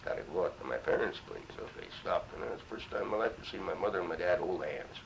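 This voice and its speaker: A man's voice: low voice, fast, vocal fry, slight background noise, low-quality recording. A man in his seventies from Minnesota, a war veteran telling his story in an oral history interview, salty and full of cursing. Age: 70s. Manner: salty, profane, animated storyteller.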